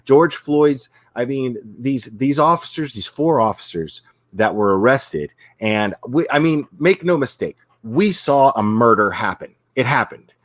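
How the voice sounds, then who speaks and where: A man hosting a political discussion on his channel, agreeable but halting, often restarting his sentences. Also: mid-range voice, expressive, dry recording. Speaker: channel host.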